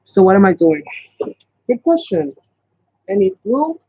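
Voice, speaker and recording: Man, craft tutorial host, casual and rambling, talks to viewers, higher voice, dull lo-fi sound. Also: very animated, unhurried, a little mellow, breathy edge. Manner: chatty, rambling, talks to viewers as "you guys".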